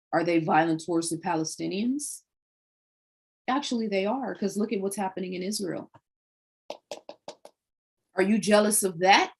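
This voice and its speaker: A woman's voice: medium pitch, breathy edge. A woman hosting a livestream, delivering a preachy monologue full of rhetorical questions. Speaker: livestream host.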